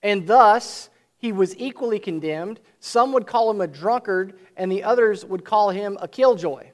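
A man preaching a sermon in an earnest way, slowing down and swelling his voice to stress a point, and reading scripture aloud between his explanations. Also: high-pitched, lively intonation.

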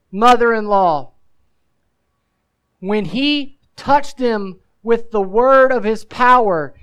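A man's voice: extremely high pitch, smooth, rough recording. A male pastor preaching a sermon. He mixes scripture with casual asides and presses the listener with emphatic rhetorical questions.

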